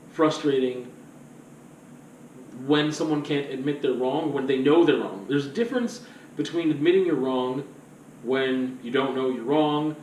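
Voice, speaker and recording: A man's voice: mid-range voice, darkish tone, slight background noise. Rambling man, roomy and distant. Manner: rambling, filler-heavy, loose and conversational. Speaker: vlogger. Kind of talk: casual rambling monologue.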